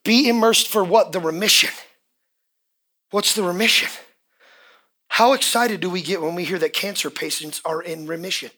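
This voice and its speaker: Fiery high-voiced preaching pastor. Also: male voice, fairly even intonation, moderate pace, pauses often. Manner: fiery, shouting, repetitive preaching. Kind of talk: sermon. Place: church service.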